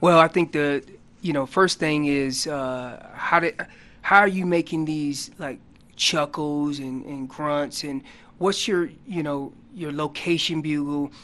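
A man guest on a radio talk show, explaining elk calling in an animated storytelling way that gets loud on key points. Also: on the high side, takes it slowly. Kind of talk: casual radio interview.

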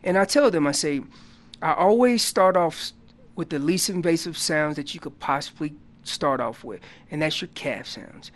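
Guy on a radio show talking elk calls, lively, gets loud and excited making his point. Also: a little high, normal speed. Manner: animated storytelling, rising loud on key points. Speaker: elk calling guest. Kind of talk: casual radio interview.

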